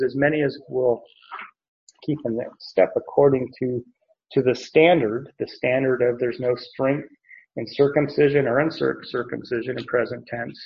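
A man's voice: mid-range voice, vocal fry. A man teaching verse by verse through a Bible passage in a conversational, explanatory way, often repeating phrases. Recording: dull lo-fi recording.

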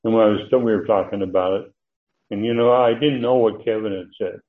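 An older man teaching a verse-by-verse Bible lesson, halting with many fillers and sudden emphatic rises. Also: on the low side, fairly even intonation. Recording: tinny phone-like recording.

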